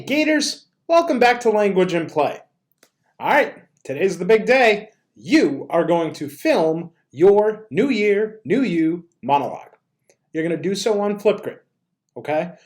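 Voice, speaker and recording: A man's voice: high-pitched, low-quality recording. A man teaching an acting lesson to students on video, upbeat and playful as he coaches and performs a sample monologue.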